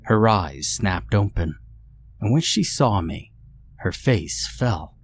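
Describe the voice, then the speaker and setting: Deep-voiced man narrating horror. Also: animated, takes it slowly, slight background noise.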